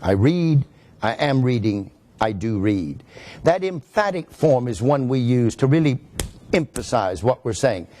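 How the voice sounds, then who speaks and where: Animated pastor teaching grammar. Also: male voice, mid-range voice, a little slow. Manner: explains grammar step by step with lively emphasis. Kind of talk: teaching sermon.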